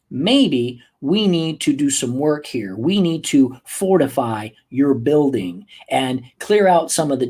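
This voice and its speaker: A man hosting a motivational podcast as a coach, talking emphatically and moving from slow, soft passages to quick bursts. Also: fairly high pitch, breathy edge. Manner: emphatic, acts out angry outbursts.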